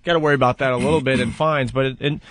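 Male radio host, quick offhand talker, dry close-mic sound. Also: medium pitch, fairly even intonation, fairly bright tone, dry recording. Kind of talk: casual radio talk.

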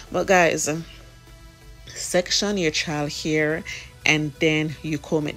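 This is a gravelly, lowish female voice: a Jamaican woman rambling casually on a vlog as she does her children's hair. She's chatty and tends to pick up speed as she talks.

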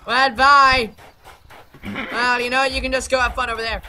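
A woman gaming YouTuber doing let's play commentary, excitable and chatty, talking to the creatures in the game. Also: fairly high pitch, fast talker. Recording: game clucking and rooster noise behind.

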